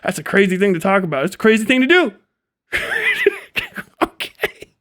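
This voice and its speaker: A man's voice: high-pitched, normal speed. A young man hosting a livestream, ranting casually with lots of swearing and laughter. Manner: profane, laughing, animated storytelling. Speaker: livestream host.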